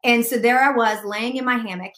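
A woman guest sharing a faith testimony in casual conversation, an animated storyteller who laughs often. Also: fairly high pitch, fairly quick, roomy sound.

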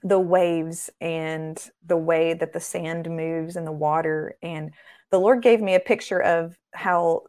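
A woman's voice: fairly low pitch, fairly even intonation, takes it slowly, a little mellow. A woman guest on a faith podcast, speaking in an earnest, preacherly way and building her points through repeated phrases. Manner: acts out quoted voices in a raised tone. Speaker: podcast guest, ministry founder.

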